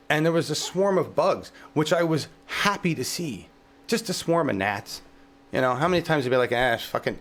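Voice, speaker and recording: A man's voice: on the high side, creaky. A male show host delivering a heated political podcast rant, swearing heavily, fervent and exasperated.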